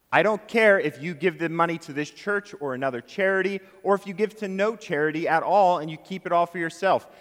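A man's voice: high-pitched, fairly bright tone. A male pastor preaching a sermon in a church sanctuary, conversational and self-deprecating. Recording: long reverb of a large hall.

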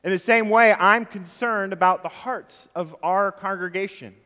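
Conversational male pastor, high voice. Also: normal speed, pushed and bright. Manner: conversational, self-deprecating preaching. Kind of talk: sermon. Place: church sanctuary. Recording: long reverb of a large hall.

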